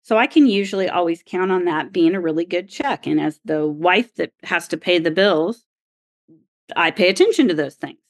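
A middle-aged woman from Oklahoma, a golf caddie guest telling a story in a lively, emphatic, exasperated way. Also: on the low side, normal speed, no echo, studio quality. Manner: animated, emphatic, exasperated retelling. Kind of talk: casual storytelling.

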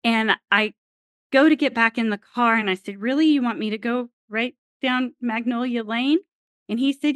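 A woman guest on a podcast, telling a story in an animated way and acting out the voices in her dialogue. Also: on the high side, normal speed, dry recording. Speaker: guest, former TV crew member.

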